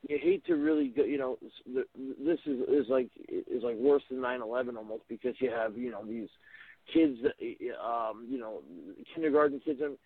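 A man, himself a radio host, talking casually as a guest, halting and full of "you know" and restarts. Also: medium pitch, husky, dry recording. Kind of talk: casual call-in conversation. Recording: tinny phone line.

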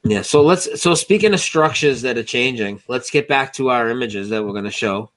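A man's voice: medium pitch, moderate pace, fairly bright tone. A man co-hosting a casual online show, rambling with restarts, swearing freely in disbelief. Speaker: co-host.

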